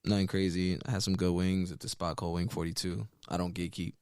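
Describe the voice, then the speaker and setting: A man co-hosts a podcast in easy, teasing banter. His voice sits fairly low. The mic is close and dry, with no room sound. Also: little pitch movement, fast talker, a little mellow, clear, resonant tone, dry recording. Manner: laid-back, teasing banter. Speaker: podcast co-host. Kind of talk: casual chat.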